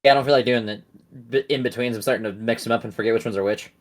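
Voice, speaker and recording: A man's voice: medium pitch, steady tone, racing. A man running a tabletop game as dungeon master, casual and self-mocking, with some swearing. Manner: casual, laughs at himself, swears.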